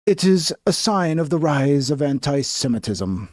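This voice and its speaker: Man doing a pompous deep-voiced newsman bit, dry close sound, mock-serious and stiff. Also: sing-song, normal speed, a little mellow, no room sound. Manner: low, stiff, mock-serious broadcast delivery. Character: mock deep-voiced male TV investigative reporter.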